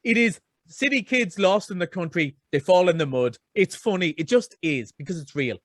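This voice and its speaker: A man's voice: sits high, lively intonation, moderate pace, no room sound, clean studio sound. A middle-aged man, reviewing films in an enthusiastic, rambling radio chat. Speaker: film reviewer.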